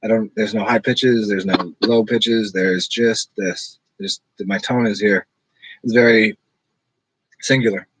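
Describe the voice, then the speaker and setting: A man rambling in casual livestream chat with his viewers, describing his own delivery as monotone. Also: fairly low pitch, measured pace, noisy background. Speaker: streamer talking to live chat.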